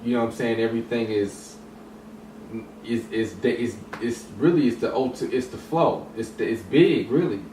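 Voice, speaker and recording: A man's voice: medium pitch, normal speed, warm tone. A man in a casual hip hop discussion, talking in a rambling way with many restarts and fillers. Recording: roomy echo, distant mic, some noise.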